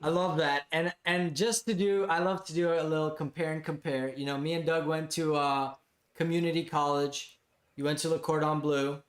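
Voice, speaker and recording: A man's voice: a little high, flat delivery, moderate pace. Man chatting in an echoey room. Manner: loose, filler-heavy, agreeable. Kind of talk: casual chat.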